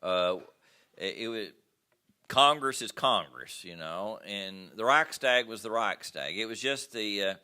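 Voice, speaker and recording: A man's voice: lowish voice, expressive, measured pace, pushed and bright, clean tone. An older man teaching a history class, talking casually with fillers and stories from his own travels. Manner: conversational, with many fillers and personal anecdotes. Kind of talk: classroom lecture.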